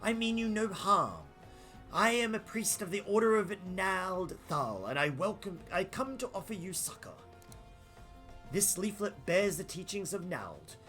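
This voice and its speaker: A jittery male merchant from a fantasy game, begging and over-explaining in a voice that leaps up and down in pitch. The Australian accent shows through, since an Australian man voices him while reading along, and his voice sits a little higher than most men's. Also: very animated, measured pace, bright, forceful tone, soft background music, heavily acted. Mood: solemn. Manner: read-aloud game dialogue, pleading, melodramatic. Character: nervous male desert merchant, pleading and fearful.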